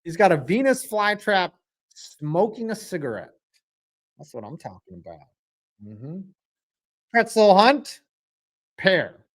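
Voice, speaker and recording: A man streaming a live football reaction, excitable and rambling, swinging from loud outbursts to low mutters. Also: slow pace, pauses often. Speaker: sports streamer.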